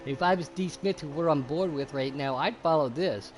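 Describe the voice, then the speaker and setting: A man calling an online sim race play-by-play, casual and excitable, with loud bursts and some cursing. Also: on the high side, normal speed, slight background noise. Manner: casual, curses freely. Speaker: race commentator. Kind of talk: sim racing play-by-play commentary.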